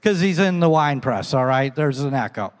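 A man's voice: mid-range voice, lively intonation, normal speed. A man pastor preaching a sermon in a storytelling manner, acting out the voices of the people in the story. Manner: storytelling, acts out quoted voices. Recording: echoey hall.

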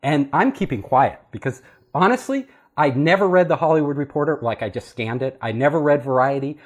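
A man casually telling a story, animated and often laughing as he acts out what others said. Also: fairly high pitch, fairly quick, breathy edge. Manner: animated, laughing, acting out quoted voices. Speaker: storyteller guest. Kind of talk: casual anecdote.

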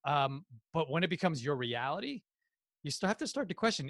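A man with a New Jersey accent, a podcast guest telling animated stories and acting out quotes in casual chat. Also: fairly high pitch, a little fast, no room sound, clean studio sound. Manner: animated storyteller, acts out quotes.

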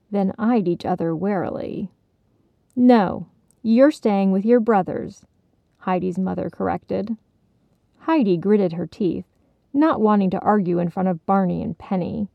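A woman narrating a children's storybook in a measured, gently expressive way, in a dull, dry recording. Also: medium pitch, gravelly, no echo.

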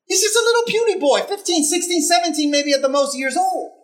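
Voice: extremely high pitch, expressive, brisk. A preacher delivering a conversational sermon, retelling a scripture story with emphatic repetition and rhetorical questions. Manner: emphatic, repeats phrases for effect.

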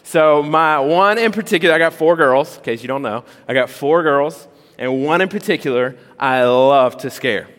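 A male pastor preaching a sermon in a conversational, animated way, full of rhetorical questions. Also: fairly high pitch, moderate pace. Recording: long reverb of a large hall.

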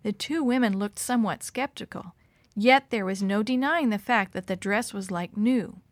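A woman storyteller reading a children's story aloud in an expressive, animated way. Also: mid-range voice, moderate pace, no echo.

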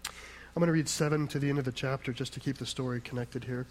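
A man's voice: medium pitch, steady tone, fast, a little hiss or hum, rough recording. A man preaching a sermon in an emphatic, conversational way, firing rhetorical questions at the congregation and answering them himself. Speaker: pastor.

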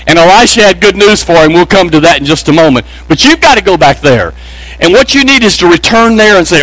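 A man's voice: lively intonation, quick pace, a bit bright, no echo, poor audio. A man from Texas, preaching a sermon with emphatic, rising delivery. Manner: emphatic, pitch climbing on key phrases. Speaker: pastor.

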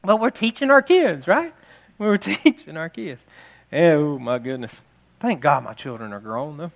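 High-voiced joking man in his fifties. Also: moderate pace, vocal fry. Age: 50s. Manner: jokey, animated, laughs at his own stories. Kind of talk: humorous Mother's Day sermon storytelling.

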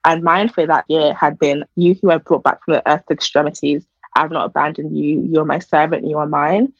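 A young woman shares her story in an earnest, chatty way, with plenty of fillers along the way. Her voice is slightly husky. The recording is dry and somewhat dull and lo-fi. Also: low voice, fairly even intonation, moderate pace, dry recording. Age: young adult. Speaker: podcast guest. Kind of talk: casual personal testimony.

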